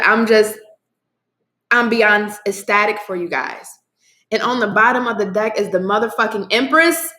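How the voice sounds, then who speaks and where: With a medium-pitched voice that's pushed and bright, a woman gives a casual tarot reading to camera at normal speed in an echoey room. She's effusive and swears freely while talking directly to viewers.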